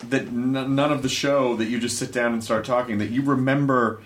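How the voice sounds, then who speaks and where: A man's voice: medium pitch, fairly even intonation, a little fast, a little hiss or hum. A man interviewing his guest, mostly reacting with short comments and questions. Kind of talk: casual interview.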